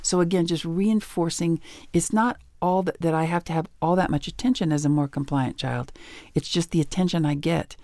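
A woman's voice: lowish voice, moderate pace, no room sound. A woman guest on a radio talk show, an author and educator telling stories with chuckles, on a studio mic. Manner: animated storyteller, chuckles often.

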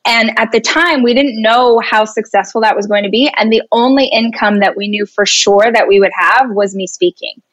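A woman in her thirties, a guest speaker talking in an animated, expressive way during a casual interview. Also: a little high, moderate pace, few pauses, dry recording. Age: 30s. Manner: animated and expressive, laughs easily.

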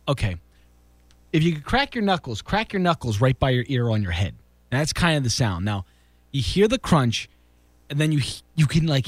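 A man's voice: medium pitch, no echo. A man casually telling a story, acting out quotes and restarting sentences.

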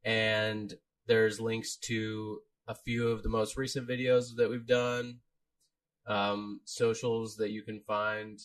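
A man co-hosts a live stream and runs through channel announcements in a friendly, steady way. His voice sits somewhat low, and the delivery is casual and conversational. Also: slow. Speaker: co-host reading channel announcements.

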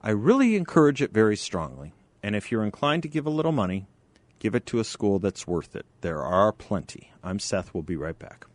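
A man's voice: lowish voice, sing-song, a little fast. A man hosting a talk radio show, speaking in a direct, emphatic way.

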